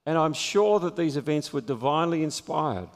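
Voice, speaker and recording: A man preaching a sermon, retelling a scripture story with lively storytelling and chuckles at his own jokes. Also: on the high side, moderate pace, long reverb tail.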